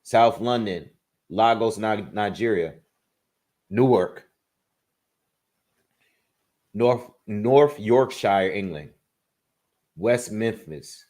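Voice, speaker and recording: A man with a low-set voice hosting a relaxed livestream from a home setup. He runs through viewer shout-outs in quick bursts and thinks aloud, with restarts, as he gives his own picks. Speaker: boxing livestream host. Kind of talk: casual livestream chat, reading viewer comments.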